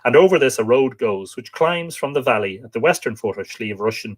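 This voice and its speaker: A man's voice: mid-range voice, animated, fairly quick. An Irish man hosting a live book talk, reading aloud and breaking off for musing asides and self-corrections. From Ireland.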